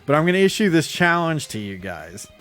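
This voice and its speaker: Man, co-host, casual podcast chat, animated and laughing, higher-pitched, light music under. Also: brisk. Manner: animated, laughing, mock announcer bits.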